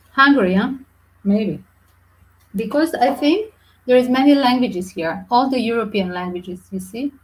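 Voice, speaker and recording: A woman with reading tarot cards for viewers, chatty and animated, with small slips in her phrasing. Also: fairly high pitch, unhurried, pauses often, rough recording. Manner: chatty, animated, non-native English with slips. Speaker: tarot reader.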